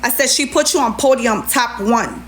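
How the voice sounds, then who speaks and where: A woman's voice: on the high side, expressive, moderate pace, fairly bright tone, slight background noise. A middle-aged woman ranting sarcastically on a live stream, reading messages aloud and answering them with indignation. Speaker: livestreamer. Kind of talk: heated TikTok live rant.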